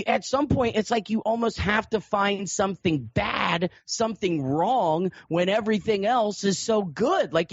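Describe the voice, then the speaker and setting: A man's voice: fairly high pitch, no room sound. A man hosting a casual sports podcast, talking emphatically and laughing easily. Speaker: podcast host. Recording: dull lo-fi dry audio.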